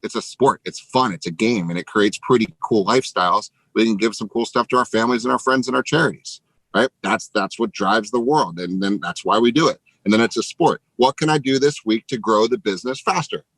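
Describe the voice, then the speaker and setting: Man, energetic motivational talk, emphatic, dry close sound. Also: fairly low pitch, fairly quick, slightly rough, dry recording, low-quality recording. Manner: energetic, emphatic, swears casually. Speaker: real estate team leader.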